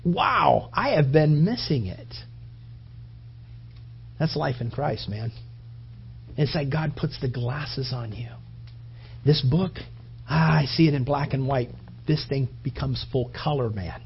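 A pastor's mid-range voice, creaky and husky, moves at a measured pace with long pauses through his sermon. He tells stories with animation, acts out quoted voices, and keeps stumbling, restarting, and repeating words as he builds points. The recording sounds dull and lo-fi.

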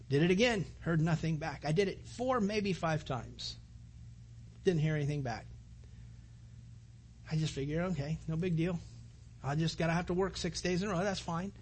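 A middle-aged man preaching a sermon as pastor, telling a personal story in a conversational, animated way. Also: a little high, slightly rough.

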